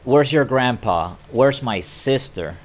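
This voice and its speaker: A man's voice: mid-range voice, expressive, slow. A man voicing a hot-headed young male hero who demands things in a raised voice. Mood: demanding.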